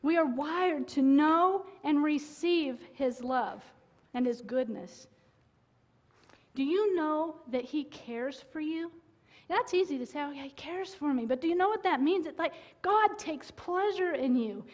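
A woman's voice: sits high, lively intonation, measured pace, darkish tone, big-room sound. A woman preaching a sermon in earnest, sharing a personal story with emotion and appeals to the congregation.

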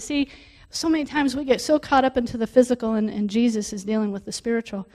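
A woman preaching a sermon, reading scripture aloud and stopping to explain it, growing louder on key points. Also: fairly high pitch, steady tone, quick pace, few pauses. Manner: reads scripture aloud and breaks off to explain it, rising with emphasis.

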